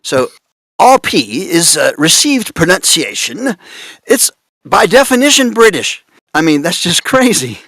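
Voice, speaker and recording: A man speaking on a conference panel about voice casting, animated and amused as he reads out odd casting notes. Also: high voice, measured pace, dry recording, studio quality. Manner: animated, laughing, reads out examples with amused disbelief. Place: conference room.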